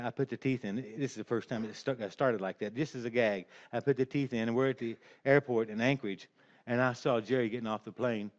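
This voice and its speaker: An older man telling a rambling, folksy personal story, chuckling along as he goes. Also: medium pitch. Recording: dull lo-fi recording.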